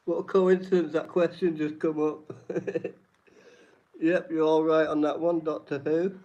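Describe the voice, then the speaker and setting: An adult man hosts a live-stream trivia night, reading each question twice and greeting chat viewers by name. His warm voice is fairly high, with a flat delivery, a slow pace, and frequent pauses. The stream audio is dull and lo-fi.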